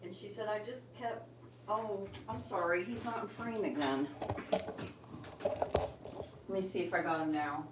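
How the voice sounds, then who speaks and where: Speaking in a mid-range voice, this middle-aged bird channel host takes her time and leaves long pauses as she chats on a casual home livestream and sweetly coaxes her pet bird. The phone on its tripod sits far from her indoors, giving a roomy sound with heavy noise.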